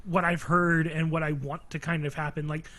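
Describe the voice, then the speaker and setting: Hesitant, bright-voiced male co-host. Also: a little high, flat delivery, normal speed. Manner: hesitant, many fillers, self-mocking. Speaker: podcast co-host. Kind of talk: casual chat.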